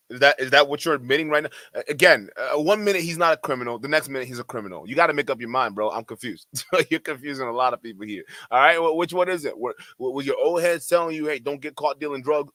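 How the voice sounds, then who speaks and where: A man's voice: medium pitch, bright, forceful tone, no room sound. A man reacting to a clip with mocking, laughing, profane commentary. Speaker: commentary streamer.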